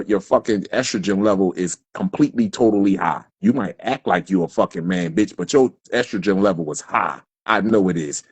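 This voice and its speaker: A man on a live stream, husky-voiced, delivering a heated, preachy rant full of constant swearing. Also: lowish voice, a little mellow, dry recording. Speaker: livestream speaker. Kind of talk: impassioned profane rant. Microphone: phone on a live stream.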